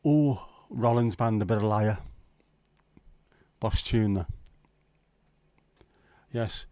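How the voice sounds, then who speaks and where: A man's voice: lowish voice, slow pace, mellow, no room sound. Bantering male livestream host, dry sound. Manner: joking, teasing banter with viewers. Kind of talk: casual livestream chat.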